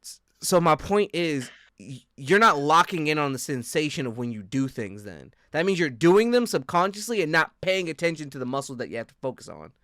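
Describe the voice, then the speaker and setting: A man's voice: a little high, fairly quick, dry recording, studio quality. A man hosting a casual podcast, rambling loosely with lots of "like" and teasing his co-host. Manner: loose, rambling, heavy use of "like"; animated, teasing coaching. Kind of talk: casual chat.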